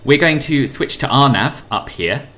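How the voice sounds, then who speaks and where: A man's voice: medium pitch, animated, normal speed, a bit bright, slight background noise. A man from the UK streaming a flight simulator, chatting playfully with viewers and reading out radio calls. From United Kingdom. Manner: chatty and playful, laughs often, calls people boss.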